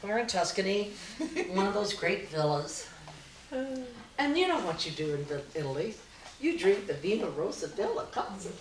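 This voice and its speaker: A middle-aged woman performing a storytelling comedy set, often laughing at her own story and shouting out other people's lines. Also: medium pitch, very animated, moderate pace. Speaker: stand-up comedian. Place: small live music venue. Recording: echoey room, distant mic, faint noise.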